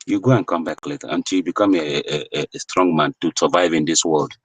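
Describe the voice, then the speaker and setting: A man's voice: a bass voice, fast, husky, dry recording, low-quality recording. A Nigerian man giving an impassioned, preachy political monologue, full of rhetorical questions. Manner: preachy, rhetorical, rising to emphatic peaks. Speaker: political commentator.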